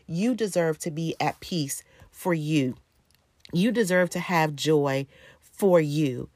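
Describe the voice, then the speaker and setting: Earnest woman with a lowish voice. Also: a little mellow, no room sound. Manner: earnest, repetitive and encouraging, slows for emphasis. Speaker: Christian women's speaker. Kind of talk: devotional teaching talk.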